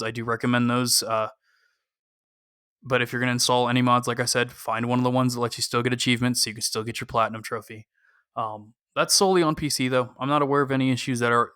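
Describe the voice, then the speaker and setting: A man chatting on a gaming podcast in a bright, crisp voice. He gives cautious, opinionated advice with lots of "um" fillers, recorded close and dry. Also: medium pitch, no echo. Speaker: podcast co-host. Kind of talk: casual podcast discussion.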